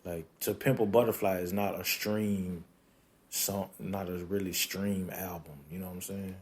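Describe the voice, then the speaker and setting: A man, hosting a podcast in a casual rant. He swears constantly and keeps jumping into high, incredulous outbursts. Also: normal speed. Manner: profane, animated, breaks into high-pitched incredulous outbursts. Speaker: podcast host.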